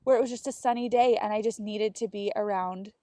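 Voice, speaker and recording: A woman's voice: medium pitch, fairly even intonation, fairly quick, mellow, no room sound. A woman co-hosting a podcast, telling stories in casual chat and acting out quotes as she goes. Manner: storytelling with acted quotes and laughter. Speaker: podcast co-host.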